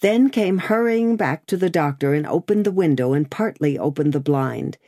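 A woman narrating an audiobook in an expressive storytelling style. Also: sits low, moderate pace, no echo, studio quality. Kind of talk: scripted narration.

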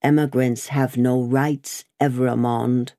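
A woman's voice: very deep voice, animated, takes it slowly, gravelly, warm tone, dry recording, heavily acted. A woman reading an audiobook, voicing a hard, stolid male officer who questions in a curt, cold way.

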